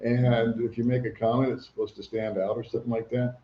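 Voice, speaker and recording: The older livestream host talks casually at a fairly quick clip, his medium-pitched voice level as he reads out viewers' comments. The audio is dull and lo-fi, echoing in the room.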